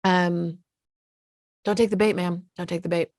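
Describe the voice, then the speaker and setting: A frank, middle-aged woman coaching parents in a casual, unfiltered way. Her voice sits somewhat low and sounds dry and close, with no room echo. She swears freely. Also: fairly even intonation, unhurried, a little mellow. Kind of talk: candid talk to parents.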